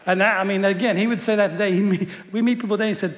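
A man with a notably high voice preaches to his congregation, chatty and quick to joke, and often stumbles back over his own words. The sound rings with the long reverb of a big hall. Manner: conversational and joking, often repeats words. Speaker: pastor. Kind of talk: sermon.

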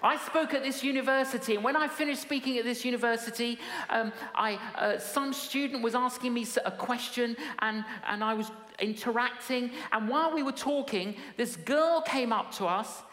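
A woman's voice: a little high, normal speed, hardly any pauses, a bit bright. A woman preaching a sermon in a large hall, emphatic and humorous, with repetition and punchlines. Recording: echoey hall with long reverb.

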